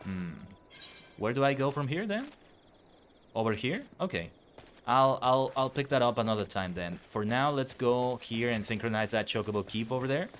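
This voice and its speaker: A man's voice: medium pitch, animated, normal speed, fairly bright tone, slight background noise. Chatty man streaming a game. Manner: chatty, stumbles over words. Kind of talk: casual gameplay commentary. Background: game music.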